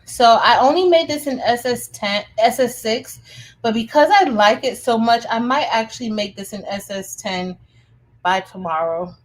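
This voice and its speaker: A woman's voice: a little high, moderate pace, low-quality recording. A woman chats through a casual craft livestream from her home craft room. She speaks enthusiastically, with many fillers and restarts, and calls her viewers y'all.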